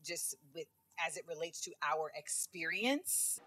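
A woman's voice: sits low, lively intonation, a little slow, bright, forceful tone, husky. A woman comedian telling stories animatedly in a casual interview, with many fillers. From United States. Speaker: guest comedian.

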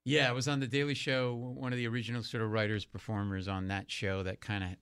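A middle-aged man from New England, a comedian guest telling lively anecdotes and acting out voices. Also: lowish voice, quick pace, clear, resonant tone, no room sound. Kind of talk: animated storytelling.

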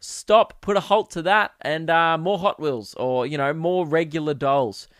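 A man's voice: a little high, normal speed, fairly bright tone, no echo, clean studio sound. A young man hosting a solo podcast, telling rambling, profane comic stories in a casual chat. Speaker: podcast host. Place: home podcast setup.

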